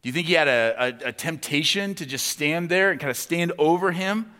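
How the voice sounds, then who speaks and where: A man's voice: on the high side, a little fast, sharp tone. Man preaching in a reverberant hall. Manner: conversational storytelling, many fillers, acts out quotes. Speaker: pastor. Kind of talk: sermon with personal story.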